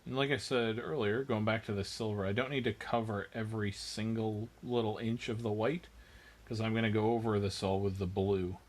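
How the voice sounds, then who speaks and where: A man's voice: lowish voice, fairly even intonation, moderate pace. A man hosting a miniature painting livestream, chatting casually as he works and answering viewers with dry, self-mocking humor.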